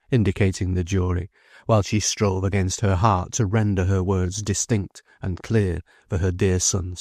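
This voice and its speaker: Man narrating a classic novel: measured, expressive, fairly low voice, dry studio sound. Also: no echo. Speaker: audiobook narrator. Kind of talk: scripted audiobook narration.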